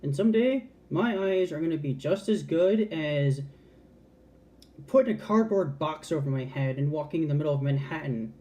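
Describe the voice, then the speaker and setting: A woman's voice: deep voice, expressive, normal speed, mellow. A trans woman talking frankly to camera in a casual, heartfelt vlog, swearing freely and restarting her sentences. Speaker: vlogger.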